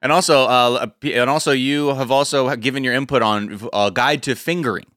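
A man's voice: medium pitch, a little fast, fairly bright tone, no echo, clean studio sound. A man hosting a podcast, chatting casually and joking, slipping into mock voices. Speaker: podcast host. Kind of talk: casual comedic chat.

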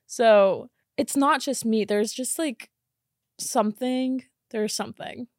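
A woman's voice: on the high side, takes it slowly, a little mellow, no room sound, clean studio sound. A young woman hosting a podcast, chatting casually and rambling, laughing often and saying "like" a lot. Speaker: podcast host. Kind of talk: casual chat.

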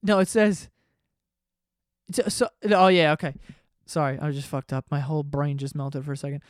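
A man spins a rambling, profane story in casual podcast chat. His voice sits a little high, with quick bursts of excitement. The sound is dry and close, with no room around it. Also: dry recording. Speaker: podcast host.

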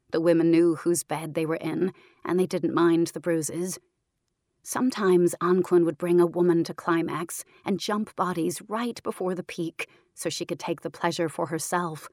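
A woman narrating a story in a calm, measured, even reading, close to the mic. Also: on the low side, no echo. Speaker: audiobook narrator. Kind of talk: scripted narration.

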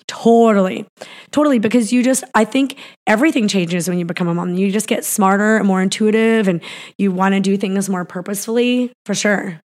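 Woman founder chatting on a podcast, rambly, lots of likes and restarts, middle pitch. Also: brisk, darkish tone. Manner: rambling, heavy on fillers and restarts. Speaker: business founder guest. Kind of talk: casual interview chat.

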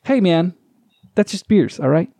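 Male podcast cohost, bouncy pitch, rowdy and profane. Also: very animated, a little slow, dry recording. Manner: loud, swearing, laughing often. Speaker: podcast co-host. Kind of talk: casual chat.

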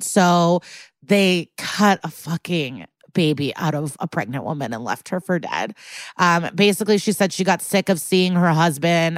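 Lady podcast host, swears a lot, lowish voice, really dry close sound, retelling a tv episode. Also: no echo. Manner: profane, animated retelling. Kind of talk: casual chat recapping a TV episode.

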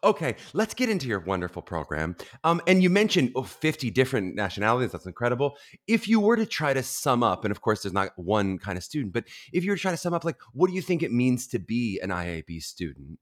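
A man's voice: mid-range voice, wildly swooping pitch, fast, hardly any pauses. A man from the American South hosting an interview, chatty and playful as he asks questions. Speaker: podcast host. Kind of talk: podcast interview.

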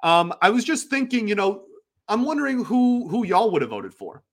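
A man's voice: high voice, very animated, normal speed, fairly bright tone, a little hiss or hum. A man hosting a solo sports podcast, talking casually in a rambling, opinionated way and laughing often.

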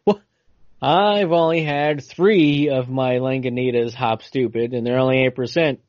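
A man's voice: medium pitch, steady tone, a little slow, darkish tone, dry recording, muffled recording. A man co-hosting a podcast in casual banter, telling rambling stories and teasing his co-host.

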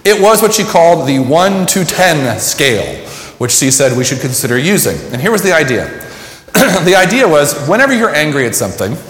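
A man's voice: on the high side, a bit bright. Man preaching in an echoey hall. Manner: conversational, self-deprecating, acts out dialogue. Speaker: pastor. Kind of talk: sermon. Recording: echoey hall with long reverb.

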